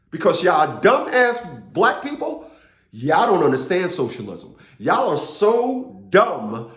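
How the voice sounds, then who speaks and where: His voice sits high and the sound is roomy. A political commentator, he rambles through a casual monologue, swearing and repeating words as he rants.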